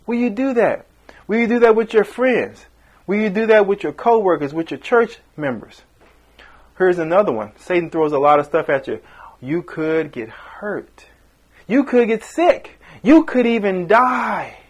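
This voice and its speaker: A man's voice: high-pitched, lively intonation, unhurried. A man preaching a sermon with passion, voice rising and falling for emphasis and briefly acting out the people he quotes.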